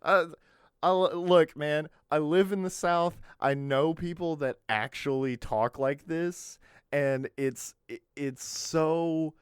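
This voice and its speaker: A man's voice: a little high, takes it slowly, clean tone, no echo, clean studio sound. A man hosting a casual podcast, rambling with lots of fillers and chuckles, into a podcast mic. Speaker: podcast host.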